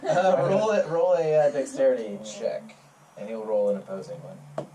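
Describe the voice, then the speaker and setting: A game master narrating a tabletop game in a relaxed, giggly way. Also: mid-range voice, moderate pace, a crowd in the background. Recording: distant mic, faint hiss.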